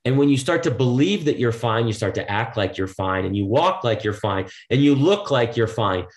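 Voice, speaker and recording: A man's voice: medium pitch, animated, normal speed. A male motivational speaker talking as a podcast guest, emphatic and preachy. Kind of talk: podcast conversation.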